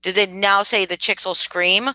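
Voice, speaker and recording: A young adult woman hosting a casual livestream, chatting with viewers and reacting in animated disbelief. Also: mid-range voice, moderate pace, dry recording, rough recording. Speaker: livestream host.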